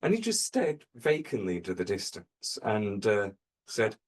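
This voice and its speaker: A man on a comedy panel telling an absurd dark tall tale in a dry, deadpan way, with hesitant fillers. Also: lowish voice, unhurried.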